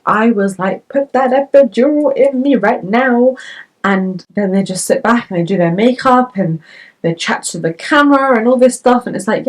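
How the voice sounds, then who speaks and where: Chatty young woman, low voice. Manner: chatty, candid, many fillers. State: tearful. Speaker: vlogger. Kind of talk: casual storytelling to camera.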